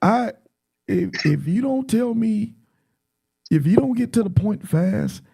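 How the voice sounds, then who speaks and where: High, gravelly, husky-voiced man. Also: takes it slowly. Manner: animated, self-deprecating, stumbles over words. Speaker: guest. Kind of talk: casual podcast conversation.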